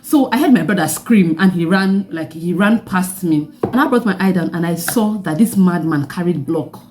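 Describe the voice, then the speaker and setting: A young Nigerian woman with a Nigerian accent, telling a personal story in a vlog with animated delivery and laughing asides. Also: fairly low pitch, moderate pace. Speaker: vlogger.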